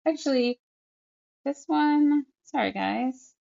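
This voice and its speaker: Her voice sits high and is gravelly and mellow, moving at a slow pace on a lo-fi recording. She's a speech therapist casually guiding listeners through an app step by step, narrating each tap in a chatty, filler-heavy way.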